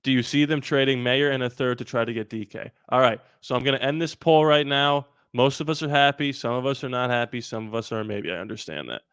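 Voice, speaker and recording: A man hosting a live sports talk stream, animated and rambling with quick asides. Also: medium pitch, clear, resonant tone, no echo, clean studio sound. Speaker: sports channel host.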